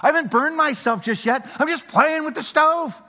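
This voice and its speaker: A man's voice: very high-pitched, normal speed, bright, forceful tone, pitched above the performer's own voice. A man acting out a stubborn little girl who protests in a whiny, defiant way. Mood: protesting. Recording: reverberant hall.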